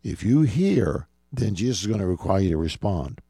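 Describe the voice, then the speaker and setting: A middle-aged man delivers a radio sermon in a low, warm, mellow voice. He preaches earnestly and directly, often turning to his listeners as "folks". The sound is close and dry, with no room around it. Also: very animated, normal speed, vocal fry, breathy edge, no echo. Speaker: radio show host and preacher.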